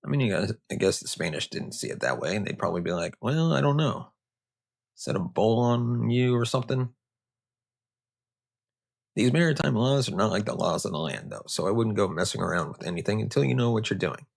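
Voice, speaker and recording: A man's voice: sits low, very animated, quick pace, vocal fry, few pauses, breathy edge. A man hosting a history podcast, telling the story casually with sarcastic, joking asides. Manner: casual, sarcastic, riffing off-script. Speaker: podcast host.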